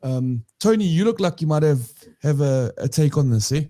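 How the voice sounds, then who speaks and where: Mellow-voiced man, rambling. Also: fairly high pitch, expressive, moderate pace. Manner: rambling, self-correcting, conversational. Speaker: podcast co-host. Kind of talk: casual recovery discussion.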